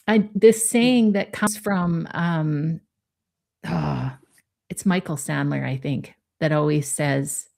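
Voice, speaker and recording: Chatty, encouraging woman with a lowish voice. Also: slow, gravelly, darkish tone. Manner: chatty, encouraging, rambling with likes and ums, laughs easily. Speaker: co-host of a spiritual live show. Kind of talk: casual motivational talk on a live stream.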